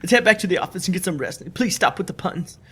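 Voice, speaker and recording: Animated, high-voiced man playing a game. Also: fast talker, husky. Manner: animated, chatty, reads lines aloud. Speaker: let's play host. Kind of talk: casual gameplay commentary and reading dialogue.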